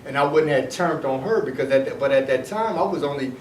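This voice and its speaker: A man's voice: medium pitch, brisk, recorded from a distance. A middle-aged man from Detroit telling a personal story in a casual, rambling way, often repeating himself and restarting his sentences. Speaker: storyteller recounting his past. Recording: echoey room, voice heard from off the mic, faint noise.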